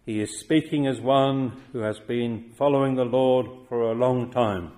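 A male pastor delivering a sermon at an unhurried pace. His pitch sits in an ordinary middle range, and he leans on quoted verses with deliberate emphasis. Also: dark tone. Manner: measured, emphatic preaching with slow quoted verses.

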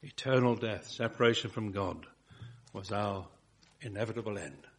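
A man preaching a sermon, building phrases up emphatically and dropping to a hush on key words. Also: on the low side, normal speed, slightly rough.

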